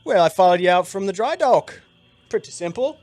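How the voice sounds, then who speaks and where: A man voicing a friendly, scruffy human wilderness guide in a tabletop game, with a put-on fantasy accent, loud and easygoing, calling everyone mate. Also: high-pitched, animated, brisk, pitched above the performer's own voice. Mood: chummy.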